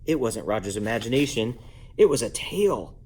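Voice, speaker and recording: A man reading a children's book aloud at bedtime at home, lively and playful, jumping up in pitch to give each character a voice. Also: normal speed, husky. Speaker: parent reading a bedtime story. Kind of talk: bedtime story read-aloud.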